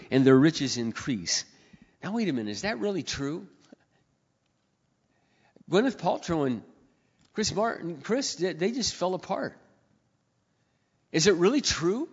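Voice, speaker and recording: A middle-aged man preaching a sermon, swinging between loud, high exclamations and quiet asides, often clearing his throat. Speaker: pastor. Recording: dull sound in a reverberant hall.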